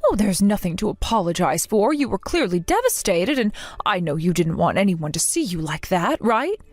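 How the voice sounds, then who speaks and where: A woman voicing a gentle middle-aged mother who talks in a soothing, reassuring way. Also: mid-range voice, very animated, normal speed, no echo, soft background music.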